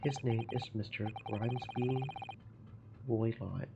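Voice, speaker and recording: Guy doing a curt sailor, gravelly, broken english, muffled mic. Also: mid-range voice, slow pace. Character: gruff male sailor guard, blunt and stubborn. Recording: muffled with steady background noise.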